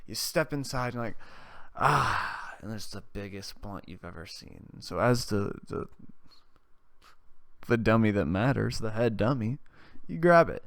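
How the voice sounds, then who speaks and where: A young man hosting a podcast, rambling through a comedic monologue, swinging between loud rants and quiet mumbles. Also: lowish voice, expressive, normal speed. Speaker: podcast host.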